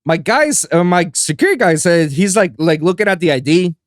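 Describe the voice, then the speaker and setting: A man's voice: high voice, expressive, fairly quick, no room sound, studio quality. A man from Puerto Rico hosting a podcast, telling stories in casual chat, acting out quotes and swearing casually. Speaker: podcast host.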